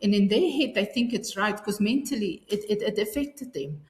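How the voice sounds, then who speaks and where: In an echoey room with long reverb, a woman tells her story earnestly as a guest in a personal interview. Her medium-pitched, darkish voice is animated at a moderate pace, and she often restarts her sentences.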